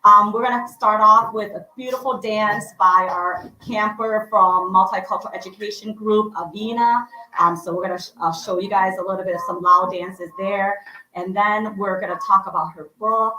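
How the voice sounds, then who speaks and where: A woman's voice: mid-range voice, steady tone, moderate pace, sharp tone. A woman co-hosting a live event, upbeat and chatty as she runs through the agenda. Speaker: co-host. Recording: echoey room with faint background noise.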